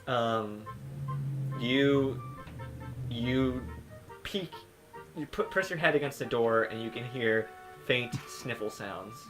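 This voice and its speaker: A man narrating a tabletop game as game master, relaxed and halting with fillers. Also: medium pitch, over music.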